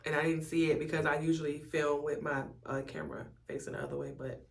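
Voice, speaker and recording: A woman's voice: sits low, little pitch movement, quick pace, creaky. A woman chatting candidly and profanely to her viewers while styling a wig, recorded on a phone camera. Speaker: beauty vlogger. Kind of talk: casual chit-chat while styling a wig.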